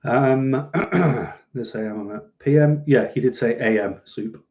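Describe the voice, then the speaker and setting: A man's voice: medium pitch, unhurried, highs cut off. A man with a Mancunian accent, hosting a casual livestream and answering viewer comments in a dry, self-deprecating way. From Manchester, England. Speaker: livestream host.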